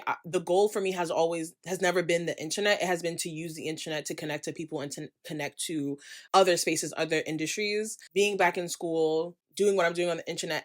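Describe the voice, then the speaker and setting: A young woman from the United States talking straight to her camera in a candid vlog. She speaks in a slightly low voice and rants with passion. She leans on quick asides for emphasis. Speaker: creator and vlogger.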